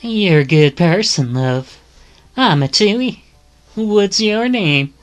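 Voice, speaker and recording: Brief: woman voicing a blunt, cheerful young woman for a game read-through; chirpy, unhurried, faint music behind. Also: mid-range voice, expressive, pitched above the performer's own voice. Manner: chirpy, sing-song, calls people love. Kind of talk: reading a visual novel aloud.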